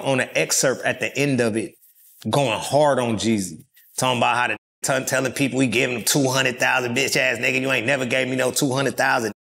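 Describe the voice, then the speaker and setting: A man guest in an interview, telling stories in a casual, animated and profane way and acting out quotes. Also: mid-range voice. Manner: animated, profane street talk, acts out quotes.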